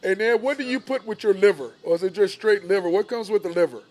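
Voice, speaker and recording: Chatty man, slightly high voice. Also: fast talker. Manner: laid-back storytelling, laughs a lot. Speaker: podcast host. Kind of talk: casual chat. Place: bar.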